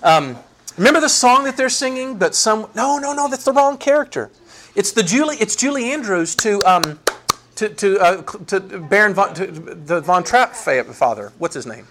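Male pastor, lively high-leaning voice, animated sermon delivery. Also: moderate pace, noisy background. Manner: animated, voices Bible figures with playful asides.

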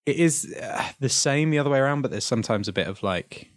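A man's voice: mid-range voice, animated, fast talker, no room sound, clean studio sound. A young man hosting a podcast, chatting casually and rambling, with restarts and chuckles. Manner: rambling, self-interrupting, chuckling. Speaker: podcast host. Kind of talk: casual chat.

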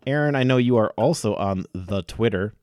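A man hosts a casual sports podcast, his voice sitting slightly low. He talks in a loose, jokey way, full of fillers and restarts. The close podcast mic gives a dry sound with no room. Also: moderate pace, a little mellow, no room sound. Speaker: podcast host.

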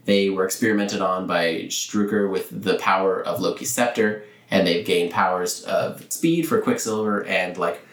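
A man's voice: low-pitched, normal speed, hardly any pauses, far from the mic. A young man casually recapping a movie plot as a podcast co-host, rambling with lots of fillers. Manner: relaxed, rambling, filler-heavy retelling. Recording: roomy sound, a bit off-mic.

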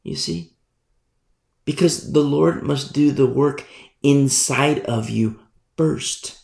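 A man's voice: mid-range voice, takes it slowly, gravelly, darkish tone. A male pastor preaching a sermon, emphatic and repeating his key phrases. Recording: roomy echo.

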